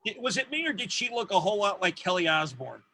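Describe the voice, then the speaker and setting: A man's voice: high voice, very animated, fast talker, crowd noise. A man co-hosting a podcast in casual chat, crude and joking. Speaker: podcast co-host. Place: home studio.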